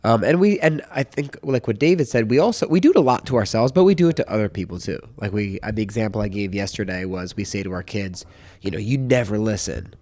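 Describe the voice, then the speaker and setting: Low-voiced man telling church stories. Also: quick pace. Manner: animated storyteller who acts out voices. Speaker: pastor co-hosting a sermon recap. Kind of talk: casual church podcast chat.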